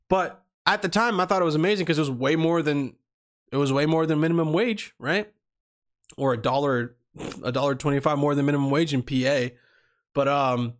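His voice is a little high and a bit bright as this man spins a long, casual personal story, rambling and restarting, cursing freely, and acting out quoted people.

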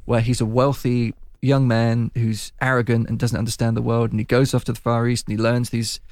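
Chatty man with a gravelly voice. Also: mid-range voice, level tone, a little fast, darkish tone, no room sound. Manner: chatty, laughing, puts on voices when quoting. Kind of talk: casual chat recapping a film.

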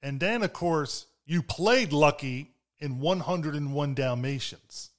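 Male interviewer, keen fan, a touch higher voice than usual. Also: takes it slowly. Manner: enthusiastic fan asking questions. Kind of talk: interview questions.

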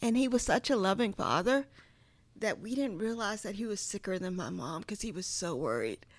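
Speaking at a normal speed with a medium-pitched, expressive voice, a woman tells a heartfelt family story as a guest in a casual chat. She's earnest and uses many "like" fillers, and the audio has no echo.

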